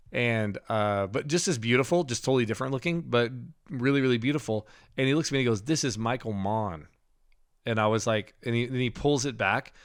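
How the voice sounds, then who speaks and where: A middle-aged man on a podcast, telling a personal story in casual talk, with frequent laughs and halting restarts. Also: medium pitch, a bit bright, clean tone. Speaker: podcast co-host.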